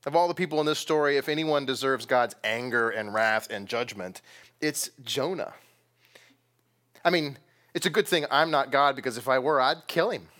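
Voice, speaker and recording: A man preaching a sermon, animated and playful, acting out voices of figures in the story. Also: medium pitch, moderate pace. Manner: animated, acts out voices of biblical figures with humor. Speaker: pastor.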